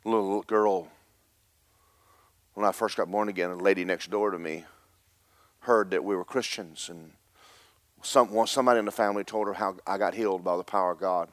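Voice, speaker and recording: A man preaching a fiery Pentecostal sermon in church, telling stories and building to emphatic, shouted points. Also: low voice, steady tone, moderate pace, long pauses, no room sound.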